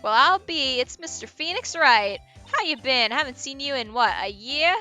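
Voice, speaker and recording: A woman voicing a brash, loud female photographer with a put-on American Southern drawl. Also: high-pitched, normal speed, soft background music, pitched above the performer's own voice. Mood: brash, excited. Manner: loud, bold, excited.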